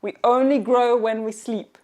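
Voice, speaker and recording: A woman's voice: on the high side, steady tone, unhurried, mellow. A young woman talking through her home workout in a casual vlog, chatty, upbeat and encouraging, with a self-teasing streak. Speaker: fitness vlogger. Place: home workout, partly outdoors.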